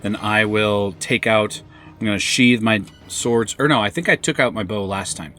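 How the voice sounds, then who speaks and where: A man playing a tabletop role-play game, excitable and quick to laugh. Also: on the low side. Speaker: player.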